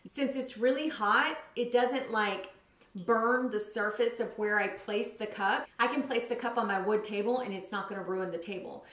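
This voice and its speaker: A woman's voice: medium pitch, normal speed, a bit bright. A woman vlogger chatting casually through her monthly favorites, gushing and using lots of fillers. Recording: roomy echo.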